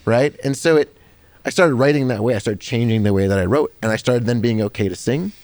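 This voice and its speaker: A man's voice: medium pitch, a little fast, no echo. A middle-aged man, a worship leader, chatting casually and animatedly with lots of "dude" and "like.". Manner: relaxed, animated, says "dude" and "like" a lot. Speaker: worship leader and music teacher. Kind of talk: casual conversational chat.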